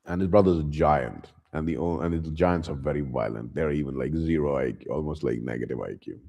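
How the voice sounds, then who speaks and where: Deep, mellow man casually recapping a book. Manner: loose, slangy, chuckling asides. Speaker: YouTube host retelling a book.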